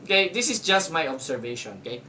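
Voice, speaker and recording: A man's voice: fairly high pitch, big pitch swings, fast talker, sharp tone, a little hiss or hum. A man with a Filipino accent giving a casual, reflective talk as a podcast host, switching between English and Tagalog and often tagging lines with "di ba?". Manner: mixes English and Tagalog, keeps asking "di ba?". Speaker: podcast host answering a question.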